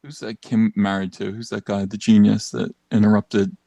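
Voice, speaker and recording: A man co-hosting a podcast, ranting in a loud, mocking, animated way with sarcastic asides, into a studio mic. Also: on the low side, moderate pace, vocal fry, no room sound. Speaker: podcast co-host. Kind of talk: casual ranting commentary.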